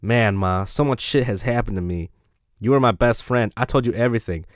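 A man voicing a lovesick male prison inmate who writes in street slang and talks loud, emphatic and profane. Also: mid-range voice, brisk, no room sound, studio quality, natural voice. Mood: pleading.

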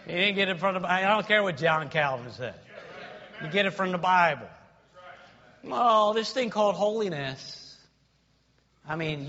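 A man preaching a sermon, swinging between loud shouts and quiet asides. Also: a little high. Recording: dull lo-fi sound in a reverberant hall.

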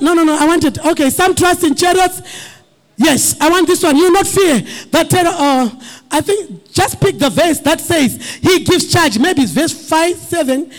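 A male pastor preaching a sermon, rising to shouted, crying peaks and repeating short refrains, with his voice sometimes drifting away from the mic. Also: very high-pitched, moderate pace.

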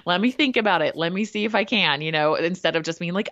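A woman with a fairly low voice talks in a blunt, animated way, acting out her own remarks in conversation. The recording is close and dry, with a slightly dull, lo-fi tone. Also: quick pace, dry recording. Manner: animated, blunt storytelling with quoted asides. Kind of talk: casual chat.

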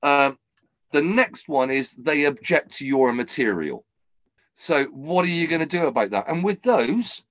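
A man hosting a casual comedy podcast, animated and swearing freely as he tells stories and gives advice. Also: fairly high pitch, no echo, muffled recording. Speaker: podcast host.

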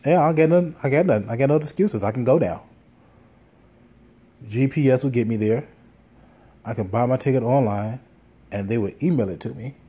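A man's voice: medium pitch, normal speed, long pauses, warm tone, breathy edge. A man telling a casual, rambling story, swearing often and full of fillers and restarts. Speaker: podcast host.

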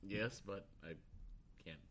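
Brief: male co-host, lower voice, quiet dry interjections. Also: slow pace, slightly rough. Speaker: podcast co-host. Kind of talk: casual podcast chat.

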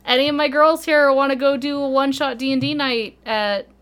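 A woman's voice: high voice, steady tone, brisk, a bit bright. A woman in her thirties co-hosting a podcast, chatting casually in a giggly, playful way full of "like" fillers. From Utah, USA. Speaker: podcast co-host. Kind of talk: casual chat.

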